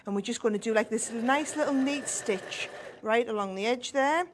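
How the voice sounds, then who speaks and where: A woman's voice: on the high side, normal speed, noisy background. A woman with a northern English accent giving a chatty step-by-step sewing demonstration, checking in with "right?" as she goes. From northern England. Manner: chatty, explains step by step, tag questions. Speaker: crafting guest expert.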